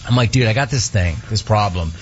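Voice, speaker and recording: A man telling a story in a casual, animated way, acting out the other people's lines with sudden jumps in pitch. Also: a little fast, highs cut off, faint music behind.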